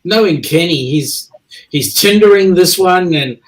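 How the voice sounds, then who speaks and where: Brief: co-host, man, relaxed teasing banter, a bit higher than average. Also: measured pace. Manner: easygoing banter. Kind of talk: casual video-call chat.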